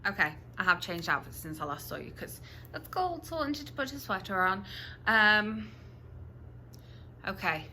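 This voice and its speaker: A woman from the UK with a bright, crisp voice, talking casually to her viewers as a book vlogger. She rambles in a friendly way, full of ums and little restarts. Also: mid-range voice, very animated, normal speed, pauses often, a little hiss or hum. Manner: chatty, many ums and restarts. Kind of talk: casual chatty review to camera.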